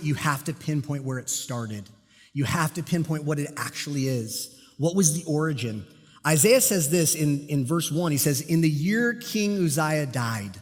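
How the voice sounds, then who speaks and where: A man preaching a sermon, telling a personal police story with lively, self-deprecating humor. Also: medium pitch. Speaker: pastor and police officer. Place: church sanctuary. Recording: long hall reverb.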